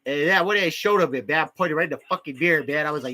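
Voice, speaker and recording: High, sharp-voiced man rambling crude jokes. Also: very fast. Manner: crude, rambling, heavy profanity, constant filler "man". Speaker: comedy vlogger. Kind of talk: improvised comic storytelling.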